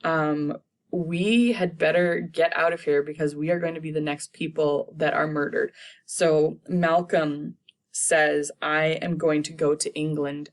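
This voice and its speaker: A young woman teacher casually summarizing a play for students, paraphrasing the characters in modern slang. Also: low voice.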